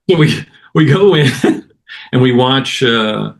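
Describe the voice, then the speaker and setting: A man, a guest musician, casually telling an animated anecdote and acting out other people's lines. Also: medium pitch, extremely slow, gravelly, long pauses, a little hiss or hum. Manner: animated anecdote with acted-out quotes. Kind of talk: casual storytelling.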